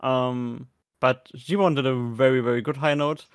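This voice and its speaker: A man's voice: medium pitch, fairly even intonation, normal speed, smooth, dry recording. A man with a German accent co-hosting a podcast, chatting casually and hesitantly about performances, with many fillers and restarts. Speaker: podcast co-host. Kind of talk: casual chat reviewing performances.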